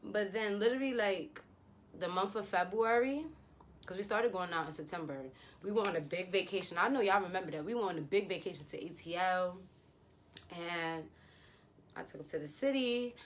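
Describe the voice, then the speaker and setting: A woman's voice: lowish voice, moderate pace, a little hiss or hum. A young woman vlogger chatting animatedly through a storytime, acting out quotes. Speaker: beauty vlogger. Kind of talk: storytime vlog.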